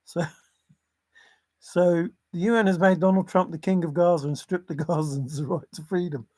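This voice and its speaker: Guy rambling on his livestream, kinda high voice, laughs a lot, dry close sound. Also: fairly even intonation, moderate pace, darkish tone, dry recording. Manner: rambling, chuckling, apologetic. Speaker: livestream host. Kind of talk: casual livestream chat.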